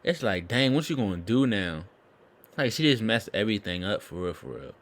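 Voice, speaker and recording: A man's voice: on the low side, a little fast. A man hosting a reaction video, giving casual, slangy, incredulous comments. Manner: animated, slangy, incredulous asides.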